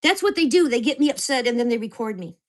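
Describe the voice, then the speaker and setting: A woman's voice: on the high side, expressive, fast. Agitated older woman venting. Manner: agitated, swearing rant. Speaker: vlogger. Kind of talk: venting to camera. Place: at home in a mobile home park.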